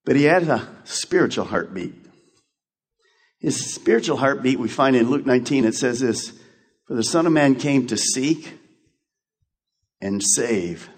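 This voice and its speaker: A man's voice: mid-range voice, slightly rough. A male pastor preaching a sermon in a church, urging and repeating key phrases. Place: church sanctuary. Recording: long hall reverb.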